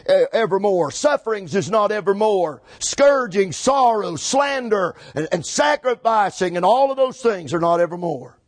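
A high-pitched preacher in full flow, hammering words again and again as he climbs toward shouting. The sound is dry and close, with almost no room around it. He sounds middle-aged. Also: dry recording. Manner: rhythmic, repetitive, builds to shouting. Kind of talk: fiery Pentecostal-style sermon.

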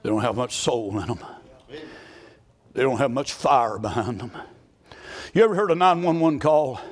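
A middle-aged man preaching a sermon, moving from quiet storytelling to loud, fervent shouting. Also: mid-range voice, animated, moderate pace. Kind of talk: fiery sermon.

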